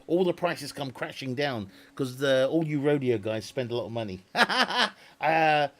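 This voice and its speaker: A man's voice: mid-range voice, lively intonation, measured pace. A man chatting casually with viewers on a live stream, rambling, swearing freely and laughing often.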